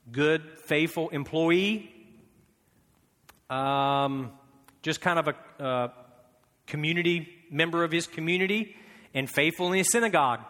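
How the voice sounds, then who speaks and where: A man's voice: on the high side, a bit bright. A man preaching a sermon in a conversational way, firing off rhetorical questions and repeating key phrases. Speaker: pastor. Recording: long hall reverb.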